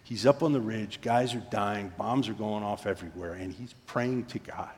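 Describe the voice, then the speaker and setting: A man's voice: on the low side, moderate pace, a little mellow, big-room sound. A man preaching a sermon from the pulpit in a storytelling way, often dropping to a near-whisper. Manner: storytelling, drops to near-whisper for quoted moments. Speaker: pastor. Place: church sanctuary.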